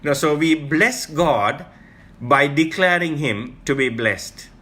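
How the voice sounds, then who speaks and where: Male Bible teacher with a bright, fairly high voice; earnest, emphatic sermon delivery, slowing down to explain terms. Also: lively intonation. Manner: earnest, emphatic, repeats key phrases; explains Greek terms slowly.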